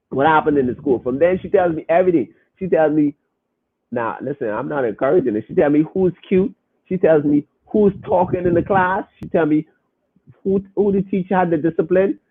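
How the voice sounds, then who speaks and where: Husky man on a tinny phone line. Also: fairly high pitch, moderate pace. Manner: emphatic, repeats and restarts phrases. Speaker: podcast host. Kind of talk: casual podcast talk to listeners.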